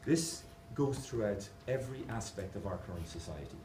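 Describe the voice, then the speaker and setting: Irish man, playful conference talk, lively intonation, noisy background. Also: fairly low pitch, moderate pace. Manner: playful, explaining his own drawings. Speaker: conference speaker. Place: large conference hall. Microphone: distant camera. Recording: echoey hall from far off, noisy.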